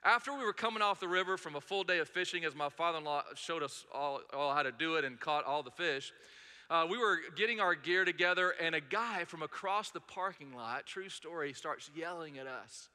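A man's voice: fairly high pitch, brisk, pushed and bright, smooth. A middle-aged man preaching a sermon as pastor, earnest and storytelling, driving points home with emphatic repetition. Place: church sanctuary. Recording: long reverb of a large hall.

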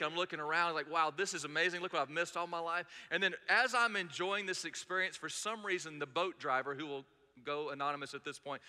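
A man's voice: fairly high pitch, sharp tone. A man from North Georgia preaching a sermon, telling stories conversationally with frequent fillers. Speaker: pastor. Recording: long reverb in a large hall.

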